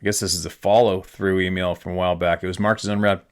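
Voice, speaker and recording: Brief: middle-aged male podcast host, low-pitched voice, laid-back rambling delivery, reads listener emails in a plain casual tone. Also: flat delivery, fast, clear, resonant tone. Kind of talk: casual storytelling and reading aloud.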